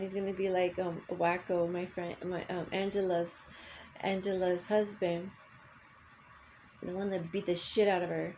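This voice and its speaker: A woman's voice: medium pitch, a little mellow, lo-fi sound, slight background noise. An older woman in a personal vlog, ranting angrily and swearing often. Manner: angry profane ranting.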